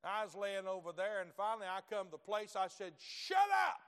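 A middle-aged man, preaching a sermon in folksy storytelling fashion, dropping to low asides and then climbing to loud shouted peaks. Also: fairly even intonation, quick pace, smooth. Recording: long hall reverb.

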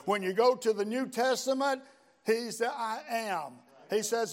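An older man preaching a sermon, telling his story in a folksy way with frequent amens and pauses. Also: extremely high pitch. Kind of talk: sermon with personal testimony.

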